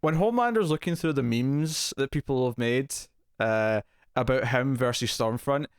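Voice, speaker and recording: A man co-hosting a casual TV review podcast, jokey and quick to laugh. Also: mid-range voice, clean tone, no echo, clean studio sound. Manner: laughs often, jokey, self-mocking. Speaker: podcast co-host.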